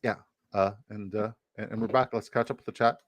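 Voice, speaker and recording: A man's voice: on the low side, steady tone, fairly quick, no room sound. A young adult man hosting a casual livestream with brash, profane, hype-man energy. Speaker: host.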